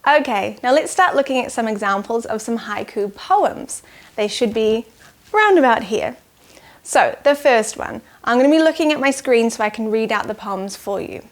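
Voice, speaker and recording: A young woman teaching children in a cheerful manner, going slow and clear when counting syllables. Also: fairly high pitch, animated. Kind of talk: children's lesson.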